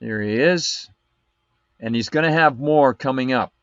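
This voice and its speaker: A man's voice: mid-range voice, unhurried, fairly bright tone, dry recording, lo-fi sound. A man hosting a live political commentary show, reading documents aloud and breaking off with sarcastic asides. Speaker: show host.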